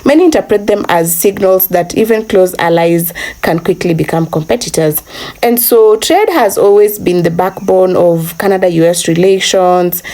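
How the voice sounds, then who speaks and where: A woman's voice: fairly low pitch, normal speed, mellow. A woman hosting a commentary channel, narrating from a script with frequent "uh"s and restarts, calling her viewers "family". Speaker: channel host.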